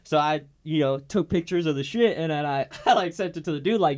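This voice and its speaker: A man's voice: on the high side, brisk. Laid-back young man telling a story. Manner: laid-back slangy storytelling with many fillers. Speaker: guest. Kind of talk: casual storytelling interview.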